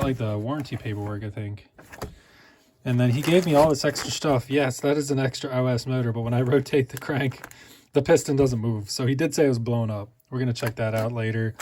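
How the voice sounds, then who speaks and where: A young man doing a casual unboxing vlog, rambling and breaking into excited high exclamations as he goes. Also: a little hiss or hum. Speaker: RC car vlogger.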